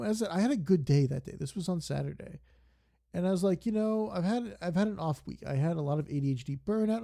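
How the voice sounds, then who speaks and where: On the high side with vocal fry and warmth, the young streamer chats while gaming. He tends to ramble, spinning long stories that stray from the game.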